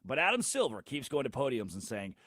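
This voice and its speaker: A man hosting a sports talk show, delivering a theatrical monologue full of sarcastic rhetorical questions and big swings in loudness. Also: mid-range voice, huge pitch swings, a little fast, no echo, clean studio sound. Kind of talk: animated monologue.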